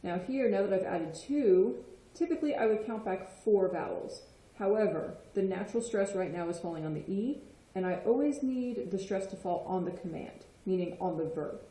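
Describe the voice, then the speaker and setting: Woman teaching, mellow, echoey room. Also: medium pitch, normal speed, hardly any pauses. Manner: patient, checks in with frequent "okay?". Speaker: Spanish teacher. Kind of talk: explanatory lesson.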